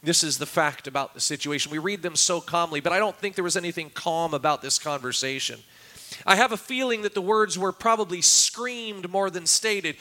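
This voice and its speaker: Bright-voiced high male pastor preaching. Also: moderate pace. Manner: dramatic, acts out quotes with raised voice. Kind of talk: sermon. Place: church.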